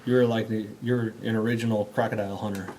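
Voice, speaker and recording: A man's voice: fairly low pitch, flat delivery, quick pace, a little mellow, a little hiss or hum. A man co-hosting a radio show, chiming in with short teasing quips. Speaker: radio co-host. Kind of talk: casual banter on a radio show.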